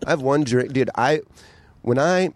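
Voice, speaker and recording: A man's voice: medium pitch, moderate pace, no room sound. A man guest in a casual chat, talking bluntly and candidly and swearing often. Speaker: podcast guest.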